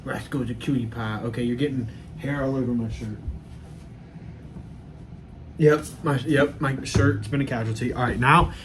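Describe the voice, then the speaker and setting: A man's voice: mid-range voice, fairly even intonation, measured pace, pauses often, background noise. A twenty-one-year-old man hosting his own vlog, talking casually in a rambling, self-deprecating way and swearing freely. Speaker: channel host. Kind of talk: casual solo vlog commentary.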